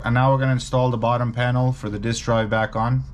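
Man, repair tutorial, casual and instructive, mid-pitched voice, faint background noise. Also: flat delivery, quick pace. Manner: casual, instructive, emphatic about warnings. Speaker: repair technician.

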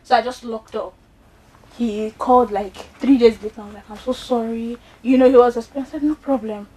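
Nigerian woman, young adult, storytelling, higher voice, a bit far from the mic. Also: fairly quick. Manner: animated, acts out quoted dialogue. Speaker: guest storyteller. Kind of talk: casual chat, telling a personal story.

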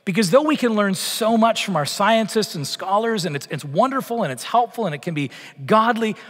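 A man's voice: high voice, animated, brisk, fairly bright tone, breathy edge, in a large hall. A man preaching a sermon as pastor, emphatic, asking rhetorical questions and driving points home with repetition. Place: church sanctuary.

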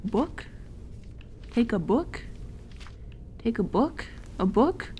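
A woman's voice: fairly high pitch, sing-song, extremely slow, a little mellow, a little hiss or hum. A woman streamer giving casual, playful commentary while playing a game, giggling and swearing freely. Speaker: gameplay streamer.

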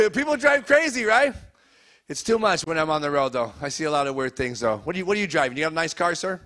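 Onstage before a live crowd, a high-pitched, bright-voiced male comic swings his pitch widely through a set full of crowd work. He is loud and fast with jokes, teasing the audience throughout.

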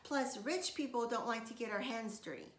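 A woman voicing a rich, show-off little girl who brags in a high, loud voice, read from a storybook. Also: normal speed, lightly acted. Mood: bragging. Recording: echoey room, faint noise.

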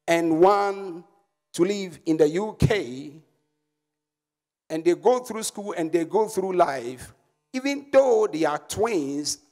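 A man with a Ghanaian English accent preaching a sermon as pastor and prophet, leading the congregation in call-and-response. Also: high-pitched. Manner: slow, emphatic preaching with repetitions.

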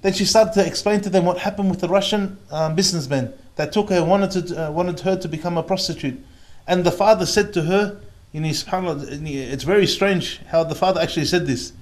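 A man in his thirties with an Australian accent, a preacher telling a dramatic story in a sermon, earnest, dropping to a hush on pious asides. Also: sits high, fairly quick. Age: 30s. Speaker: Islamic preacher.

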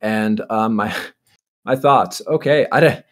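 A man's voice: lowish voice, slow, fairly bright tone. A man from Canada who makes videos for fun, a guest on an online panel, giving his views in a chatty, opinionated way. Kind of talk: casual online discussion.

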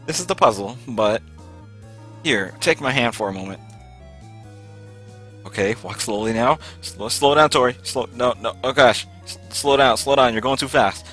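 A young man playing a video game, reading its text aloud and reacting with excitable yelps and panicked shouts. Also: medium pitch, normal speed, soft background music. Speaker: let's play gamer.

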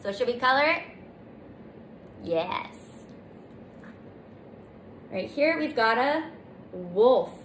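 Slow, sing-song preschool teacher woman. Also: on the high side, animated. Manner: slow, gentle, sing-song, stretches sounds. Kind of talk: children's circle time lesson. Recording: echoey room, faint noise.

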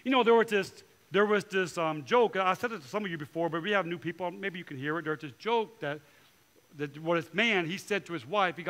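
A man preaching as pastor at a midweek church service, animated and acting out quick voices of people in his stories. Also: high-pitched. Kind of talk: sermon.

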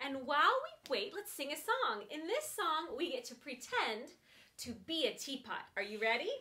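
A young adult woman hosting a preschool music lesson, gentle and sing-song as she addresses toddlers. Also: high voice, very animated, moderate pace. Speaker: children's music teacher.

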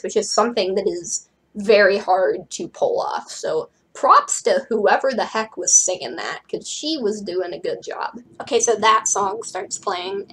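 A woman's voice: mid-range voice, husky, poor audio. A teenage girl reading a novel aloud, breaking off for chatty, wry asides. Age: late teens. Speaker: book reader.

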